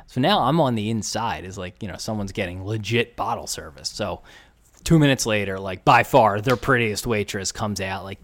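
A man's voice: fairly low pitch, brisk. A man, telling a story in casual podcast chat and acting out the voices of people in it. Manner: animated storyteller, acts out quoted voices.

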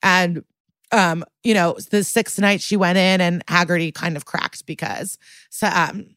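A woman co-hosting a podcast, recapping an episode in casual chat, animated and blunt, swearing freely with lots of likes and ums. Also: fairly low pitch, unhurried, no echo. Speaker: podcast co-host.

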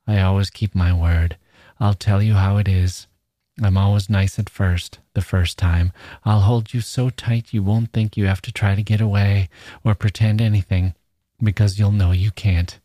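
A man reading the part of a menacing, smooth-talking male stalker, coaxing in a casual drawl full of slang. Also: lowish voice, steady tone, normal speed, dark tone, no room sound, studio quality, close to an everyday voice.

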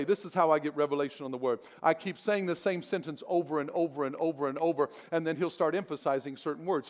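A man pastor preaching a sermon, moving between soft prayer and emphatic, repeated phrases. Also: high-pitched.

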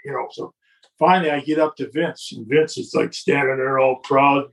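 A man's voice: medium pitch, normal speed, distant mic. An older man telling a long anecdote in casual chat, acting out the quotes with chuckles along the way. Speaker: guest telling a wrestling story. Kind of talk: casual storytelling.

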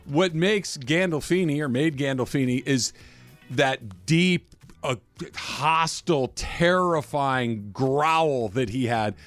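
A man's voice: mid-range voice, no echo, faint music behind. A man co-hosting sports talk radio, arguing his points emphatically in casual studio banter. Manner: emphatic, animated, quick to argue.

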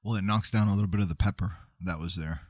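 A man co-hosting a cigar pairing show, explaining in a measured way with hesitant fillers. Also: sits low, a little mellow, slightly rough, no room sound, studio quality. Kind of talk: casual chat.

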